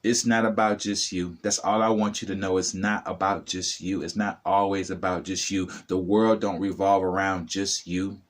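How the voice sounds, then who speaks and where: A man's voice: low voice, flat delivery, moderate pace, hardly any pauses. A middle-aged man giving a motivational talk to the camera as a spiritual vlogger, preachy and repetitive, addressing the viewer directly.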